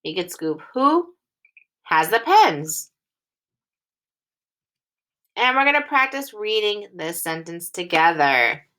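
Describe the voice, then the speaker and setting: A young woman records a phonics lesson for small children, reading each sentence slowly and carefully, phrase by phrase, with clear enunciation. Her voice is bright yet lowish, moving up and down in a sing-song way.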